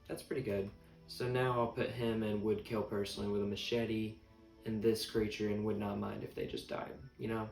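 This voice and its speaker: Low-voiced, joking man vlogger. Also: flat delivery, moderate pace, gravelly, darkish tone. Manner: rambling, jokey, self-mocking. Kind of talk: casual chat. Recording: echoey room, mic at a distance, faint music.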